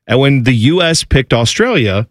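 A man's voice: medium pitch, big pitch swings, normal speed, no room sound, studio quality. A man hosting a sports radio show, chatting casually in a rambling, jokey way.

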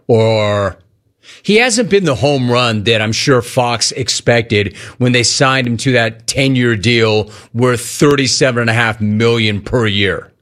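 Sports radio guy riffing, teasing tone, lots of quick asides. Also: medium pitch. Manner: animated, mocking, quick asides. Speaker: sports talk radio host. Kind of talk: casual sports radio talk.

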